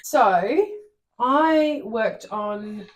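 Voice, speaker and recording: A woman's voice: a little high, lively intonation, extremely slow. A woman co-hosting a cross stitch video, chatting casually and laughing through her words. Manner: chatty, laughing while she talks. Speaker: co-host of a cross stitch channel. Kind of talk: casual chat.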